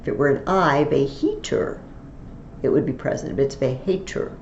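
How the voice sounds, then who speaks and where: A woman's voice: a bass voice, fast talker, reverberant, highs cut off, slight background noise. A woman teaching a Latin lesson in a recorded tutorial, explaining each form patiently, step by step.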